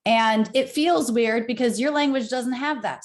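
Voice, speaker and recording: A woman coaching English pronunciation, encouraging and demonstrating pitch changes with exaggerated examples. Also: a little slow. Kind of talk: accent coaching session.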